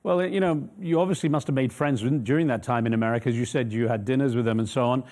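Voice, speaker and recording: Quick-talking male news interviewer. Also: medium pitch, a little mellow. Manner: probing, measured questioning.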